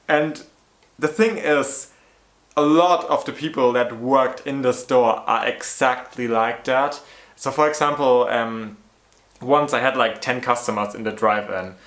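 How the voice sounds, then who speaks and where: A man's voice: medium pitch, fairly even intonation, a little slow, fairly bright tone. Chatty man in a roomy echo. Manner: chatty, many "like" fillers, exasperated retelling. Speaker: storyteller. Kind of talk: casual storytime vlog.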